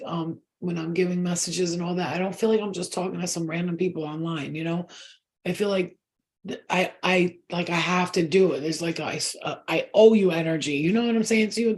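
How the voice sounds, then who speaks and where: A woman's voice: fairly low pitch, husky. A woman hosting a spiritual channel, talking in a casual, rambling monologue that is blunt, profane and emphatic.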